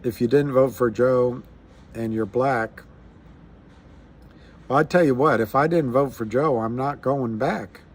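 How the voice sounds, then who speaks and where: A man's voice: mid-range voice, unhurried, pauses often. A man hosting a casual livestream, musing aloud in a rambling way with frequent restarts. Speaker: livestream host.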